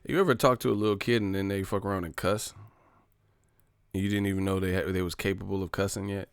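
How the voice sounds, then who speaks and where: Gravelly, low-voiced man joking on a live stream. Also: fairly even intonation, fast talker, dry recording, faint music behind. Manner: profane, joking, puts on voices for bits. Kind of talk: casual live-stream chat reading super chats.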